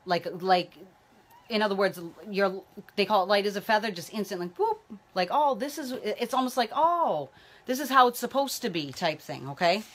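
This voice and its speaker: A woman's voice: mid-range voice, animated, normal speed, fairly bright tone. A woman psychic medium giving live-streamed readings, chatting loosely and calling out viewers by name. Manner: talks while a baby tugs at her hair.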